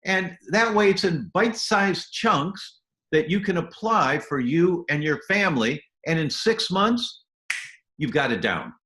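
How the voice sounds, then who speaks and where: In a roomy recording, a man with a high, bright, forceful voice speaks a little slowly as a guest doctor. He enthusiastically explains health habits step by step in an animated interview, sometimes acting out little scenes in quoted voices.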